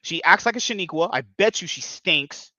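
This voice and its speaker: A man's voice: high-pitched, lively intonation, moderate pace, bright, forceful tone, dry recording, highs cut off. A man hosting a podcast in casual chat, rambling and provocative, often breaking into laughter. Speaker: podcast host.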